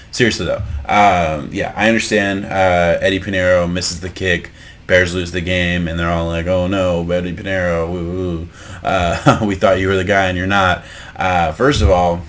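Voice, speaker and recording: Low-voiced man ranting about football. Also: fairly bright tone, slight background noise. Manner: heated ranting, swearing, many restarts; laid-back reactionary musing. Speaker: sports podcast host. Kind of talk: casual sports reaction commentary.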